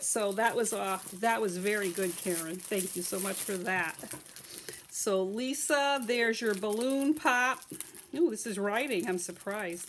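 A woman's voice: sits high, a bit bright, a little hiss or hum. A woman hosting a casual live-stream sale, chatting to buyers by name and talking through items as she looks for them. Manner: chatty, thanks buyers by name, talks while rummaging.

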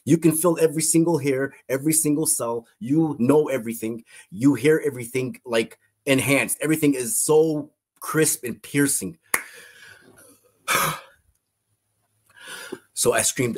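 Husky man giving a halting testimony. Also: fairly high pitch. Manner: halting, repeats himself, restarts phrases. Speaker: testimony guest. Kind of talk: emotional personal testimony.

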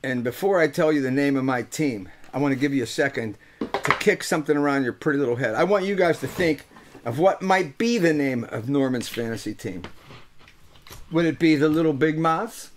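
An older man from talks to his webcast viewers in a loose, joking way. He teases the audience, swears freely and fills his pauses with plenty of uhs. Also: fairly high pitch, slight background noise. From Pittsburgh, USA. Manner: joking, teasing, swearing, with lots of fillers. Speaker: host and musician. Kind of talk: casual comic monologue to a webcast audience. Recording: live webcast audio.

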